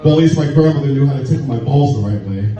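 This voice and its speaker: A man doing crude stand-up at a bar open mic, telling a raunchy story in a deadpan way. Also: mid-range voice, fast, a crowd in the background. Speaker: stand-up comedian. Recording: echoey, distant, muffled room recording with noise.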